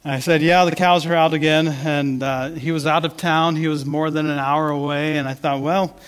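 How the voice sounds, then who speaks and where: A man's voice: fairly high pitch, steady tone, normal speed, smooth, in a large hall. A man giving a sermon, telling a story in a conversational way with many restarts. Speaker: pastor.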